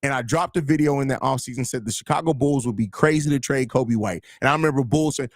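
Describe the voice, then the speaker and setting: Talking quickly with hardly any pauses, a medium-pitched man hosts a live sports show stream in casual commentary. He responds to chat comments and argues his case with frequent restarts; the audio is dry and studio-clean.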